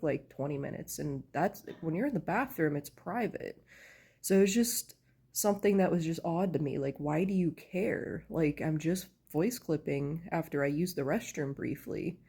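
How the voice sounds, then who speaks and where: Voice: mid-range voice, mellow, breathy edge. Sleepy storyteller at home, rambling and casual, heavy on fillers. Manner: rambling, with many fillers like "like" and "you know". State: tired, just woken up. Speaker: storyteller sharing a personal story. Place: at home, in pajamas.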